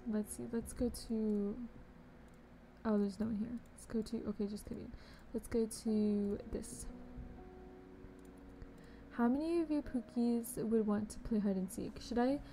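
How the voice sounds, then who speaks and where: A bubbly young woman chats away on a game stream, addressing viewers by pet names. Her slightly high, mellow voice holds a steady tone and an unhurried pace with frequent pauses, and faint noise sits in the background.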